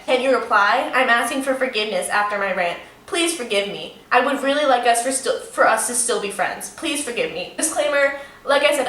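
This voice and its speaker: A young woman telling a story to camera in a casual, animated way, swearing freely and saying "like" a lot. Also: a little high. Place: room in front of a window. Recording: echoey room, mic a bit distant.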